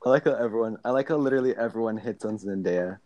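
A man's voice: fairly low pitch, quick pace, darkish tone, dry recording, lo-fi sound. A teenage boy hosting a casual podcast chat, teasing his friends and laughing often.

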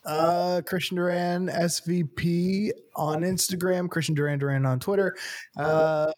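A comedian on a podcast with a voice a touch higher than most men's. He chimes in with short, dry quips, and the mood is casual. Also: fairly even intonation, measured pace, a little mellow.

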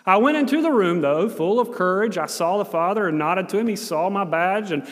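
An American man preaching a sermon, telling a self-mocking story in an animated way. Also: high-pitched, fairly quick, in a large hall.

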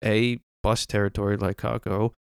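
A man's voice: fairly low pitch, little pitch movement, moderate pace, creaky, smooth, dry recording, clean studio sound. A man co-hosting a casual sports podcast, ranting with frustration and restarting his sentences. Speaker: podcast co-host.

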